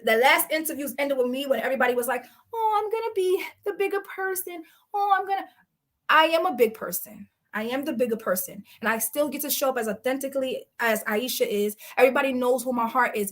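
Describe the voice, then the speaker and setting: A woman sits in as an interview guest and tells her story bluntly, full of sass and slang. Her voice sits high and lively. She leans hard on her points and does not soften them. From New York. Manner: blunt, sassy, emphatic retelling with slang. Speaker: reality show cast member, guest.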